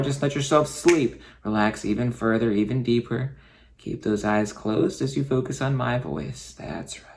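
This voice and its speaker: Soft-spoken male hypnotist. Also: mid-range voice. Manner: slow, soothing, repetitive suggestions, often dropping to a soft near-whisper. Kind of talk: guided hypnosis session.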